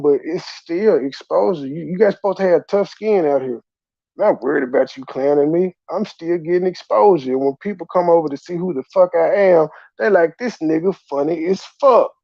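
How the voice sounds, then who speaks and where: A man's voice: high-pitched, creaky, no room sound, lo-fi sound. A man hosting profane reaction commentary, blunt and mocking, mimicking people he talks about. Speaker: commentary channel host.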